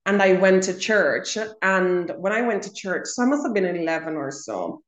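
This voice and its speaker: A young adult woman co-hosts a casual chat and tells a personal story emphatically, repeating words for stress. Her voice is lowish and expressive at a moderate pace, and the recording has a roomy echo.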